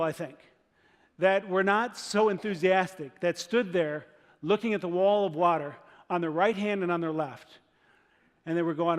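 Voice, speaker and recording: A male pastor preaching a sermon in a church, animated, acting out the voices of people in his story. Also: high voice, normal speed. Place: church sanctuary. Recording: long reverb of a church hall.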